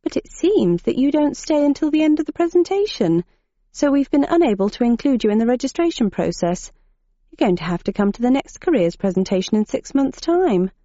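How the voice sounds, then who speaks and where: A woman's voice: high-pitched, big pitch swings, a little fast, dark tone, no room sound, voice pushed up. A woman doing a gushing, flustered desk clerk. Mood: apologetic. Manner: apologetic, chattering, gushing. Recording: dull muffled audiobook recording.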